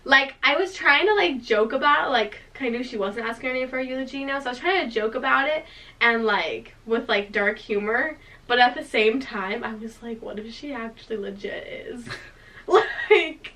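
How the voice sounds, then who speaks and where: A woman's voice: high-pitched, lively intonation, normal speed, pushed and bright. A young woman hosting a storytime vlog, telling it animatedly with constant fillers and laughter. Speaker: vlog host. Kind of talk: storytime chat. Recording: voice a bit distant from mic.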